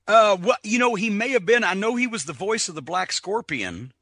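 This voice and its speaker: An older man, a wrestling manager, telling animated stories in a casual podcast and slipping into voices to act out moments. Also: high-pitched, normal speed, no echo, clean studio sound. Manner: animated storyteller, does voices when retelling. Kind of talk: podcast storytelling.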